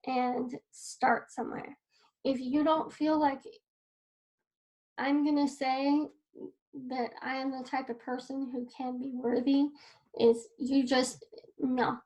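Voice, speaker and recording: A woman with a high voice talks casually and earnestly to camera from her desk at home. She coaches and encourages the listener, and her talk turns heartfelt. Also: little pitch movement, takes it slowly, a little mellow, low-quality recording. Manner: earnest and encouraging, grows emotional. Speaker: wellness coach. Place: home desk in a sunny room.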